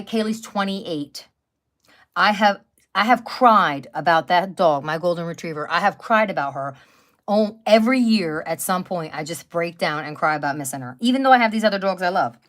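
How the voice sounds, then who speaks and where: A woman in her fifties chatting casually on a live stream, telling rambling stories full of fillers and restarts. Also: lowish voice. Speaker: craft channel host. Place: at home by a wood stove.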